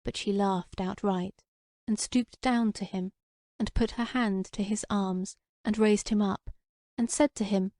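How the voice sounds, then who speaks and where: A woman narrates an old romance audiobook at an even, measured pace. Her voice is mellow and warm, with a dry, close sound. The reading stays steady and unhurried. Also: medium pitch, no room sound.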